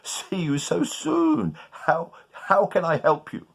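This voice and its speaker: The North Wind, a grand and kindly spirit, as a male storyteller puts him on, rising high above the teller's own low register with long, swooping exclamations. The voice stays slightly husky. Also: very animated, slow pace, heavily acted. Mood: grandly kind.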